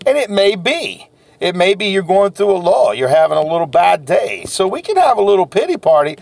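A man's voice: high-pitched, sing-song, moderate pace, creaky, dry recording. A man, a sales coach giving a folksy, self-deprecating motivational talk.

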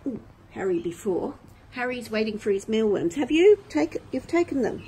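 Lively teasing woman, noisy recording. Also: a little high, moderate pace. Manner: teasing, often hushed. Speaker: wildlife carer. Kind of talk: casual chat while caring for a bat. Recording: noisy home video.

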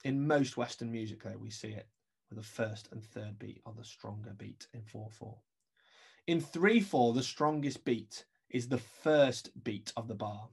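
A man's voice: medium pitch, animated, takes it slowly, gravelly, background noise. A man teaching an English-accented remote music lesson, explaining step by step and counting beats aloud.

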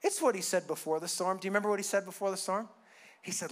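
A male pastor preaching a sermon, swinging between loud emphatic bursts and hushed asides. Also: high-pitched, quick pace.

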